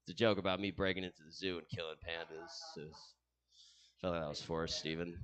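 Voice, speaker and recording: A young man doing a rambling stand-up set with self-deprecating dark humor. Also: sits low, flat delivery, a little fast. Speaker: stand-up comedian.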